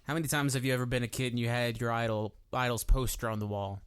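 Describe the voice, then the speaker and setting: A man's voice: medium pitch, steady tone, quick pace, clean tone. A man co-hosting a casual music podcast, laid-back, swearing freely and talking in loose, filler-heavy chat. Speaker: podcast co-host. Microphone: desk microphone.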